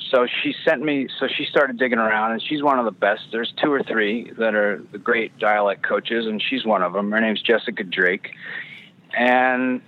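A man's voice: mid-range voice, a little hiss or hum. A male actor telling loose, rambling stories in a casual interview, full of restarts and the odd swear word. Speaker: actor guest. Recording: phone-line quality audio.

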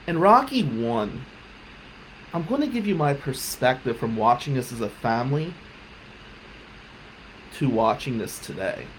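A man's voice: medium pitch, very animated, unhurried, long pauses, a little hiss or hum, rough recording. Heartfelt man storytelling. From South Jersey. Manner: heartfelt, swings between loud emphasis and quiet reflection. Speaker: podcast host. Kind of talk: personal storytelling monologue.

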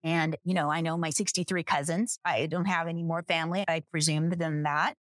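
Guest author, woman around sixty, animated storyteller, low voice, dry close sound. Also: a little fast, no room sound. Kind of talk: telling a personal story in a podcast interview.

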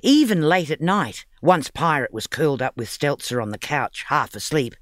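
A man, a children's book author, reading his storybook aloud in a lively, expressive way. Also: fairly high pitch, normal speed, no room sound, clean studio sound.

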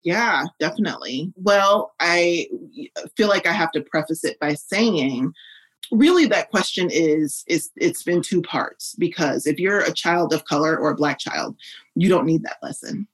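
A woman in her thirties, an educator and podcast guest, speaking earnestly and vividly, jumping higher in pitch when she quotes others. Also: expressive, unhurried, breathy edge, low-quality recording. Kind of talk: podcast interview answer.

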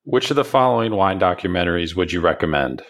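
A man interviewing a guest, asking brisk quick-fire questions. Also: low-pitched, animated.

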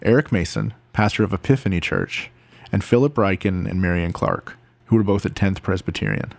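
A man reading scripted narration in a measured way. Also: sits low, lively intonation, gravelly, dry recording.

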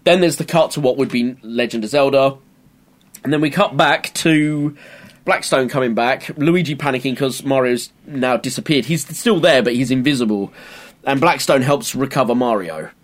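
A man's voice: mid-range voice, normal speed. A man co-hosting a podcast, swearing freely and recapping episodes in casual chat. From Britain. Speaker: podcast co-host.

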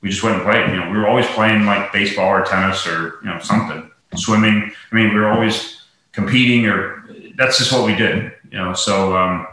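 A man's voice: fairly low pitch, steady tone, fairly quick, sharp tone. A man talking as a guest in a casual interview, rambling with many fillers and restarts. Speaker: guest, golf professional. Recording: very echoey room.

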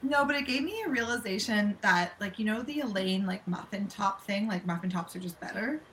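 A woman's voice: medium pitch, fairly quick, slight background noise. A woman telling stories in a casual chat with friends, swearing freely and acting out what people said. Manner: animated storyteller, swears freely, acts out quotes. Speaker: podcast guest.

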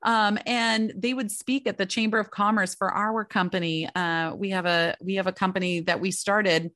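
A middle-aged mother speaks in a warm, heartfelt, conversational way, often tossing in little "right?" asides to her viewers. Her voice sits at an ordinary pitch for a woman. It is recorded close and dry, with no room echo. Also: steady tone, moderate pace. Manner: chatty, with frequent "right?" and "you know" asides; heartfelt and openly emotional. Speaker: homeschooling mother sharing her experience. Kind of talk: casual reflective talk to camera.

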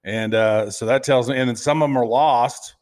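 A man's voice: medium pitch, steady tone, normal speed, a little mellow. A man co-hosting a crypto show, chatting casually in a rambling, playful way. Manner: rambling, full of fillers and restarts, playful. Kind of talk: casual chat.

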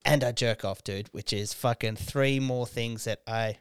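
A tipsy young Australian man with a smooth, clear voice, swearing freely and laughing his way through rambling stories. The sound is dry and close, with no room around it. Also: medium pitch, steady tone, measured pace, no echo. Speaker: podcast host. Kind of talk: casual drunk chat.

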